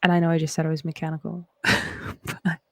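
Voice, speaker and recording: Rambling Canadian woman with gravelly fry. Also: low-pitched, monotone, brisk, fairly bright tone, dry recording. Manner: rambling, reflective, chatty. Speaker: host. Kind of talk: casual livestream chat.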